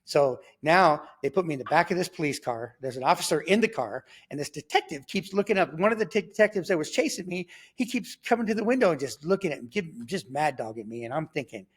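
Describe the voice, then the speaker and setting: A man, telling his own story as a guest in an interview. His voice sits a little higher than most men's, and his delivery is lively and conversational. He acts out the lines of people in the story and laughs through the wilder moments. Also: fast, hardly any pauses, breathy edge. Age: 50s.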